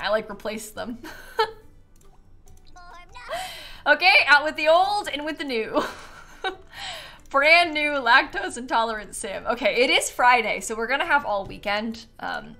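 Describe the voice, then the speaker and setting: A woman's voice: fairly high pitch, big pitch swings, measured pace, gravelly, pushed and bright, soft background music. A young woman from Florida, a streamer chatting casually while she plays, rambling and laughing often. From Florida, USA. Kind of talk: casual chat while playing a game.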